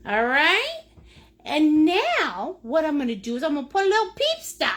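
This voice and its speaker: A woman's voice: high-pitched, wildly swooping pitch, normal speed, a bit bright. A middle-aged woman teaching a live painting lesson in a playful, silly way, greeting viewers by name and laughing often. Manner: laughs often while talking. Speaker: painting instructor.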